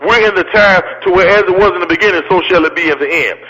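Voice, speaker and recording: A man's voice: sits high, rapid-fire, sharp tone, a little hiss or hum. A man giving a fiery motivational speech with a preacher-like cadence, repeating his lines and calling out to the crowd. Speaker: motivational speaker. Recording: long hall reverb.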